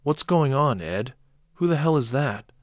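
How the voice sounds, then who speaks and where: A man's voice: mid-range voice, animated, a little slow, no echo, clean studio sound, pitched above the performer's own voice, natural voice. A man voicing a blunt, nosy neighbor man who complains and demands answers. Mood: uneasy.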